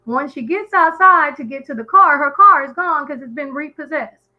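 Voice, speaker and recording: Phoning in as a guest to a live stream, a high-pitched woman talks at normal speed over dull audio. Her casual call-in story is earnest and emphatic, with frequent restarts.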